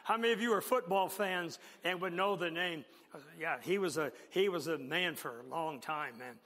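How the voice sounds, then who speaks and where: A male preacher telling a story from the pulpit, teasing his congregation and swinging between loud and quiet. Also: fairly high pitch, moderate pace. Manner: animated, teasing the congregation, big swings in loudness. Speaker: preacher and missionary. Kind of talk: sermon with storytelling. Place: church sanctuary with a congregation. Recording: long reverb of a large church hall.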